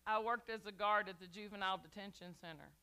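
A woman's voice: mid-range voice, fast, bright, forceful tone, smooth. A woman pastor delivering a sermon, emphatic and repetitive, calling out to her congregation.

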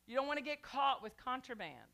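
A woman's voice: sits high, very animated, a little fast, creaky, bright, forceful tone. A woman pastor delivering a sermon, emphatic and repetitive, calling out to her congregation.

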